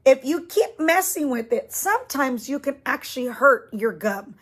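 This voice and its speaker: A woman's voice: high voice, lively intonation, normal speed, breathy edge. A woman teacher reading a picture book aloud to young children, stopping to ask questions and explain. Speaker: preschool teacher.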